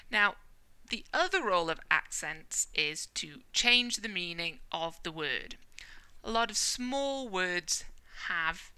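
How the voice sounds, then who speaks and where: A woman teaching a language lesson, explaining rules deliberately and stressing each example word clearly. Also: on the low side, pushed and bright, dry recording.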